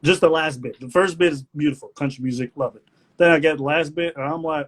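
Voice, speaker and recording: Husky man chatting candidly on a live stream. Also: on the high side, fast talker, a bit bright. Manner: candid, rambling, joking. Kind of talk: casual live-stream chat.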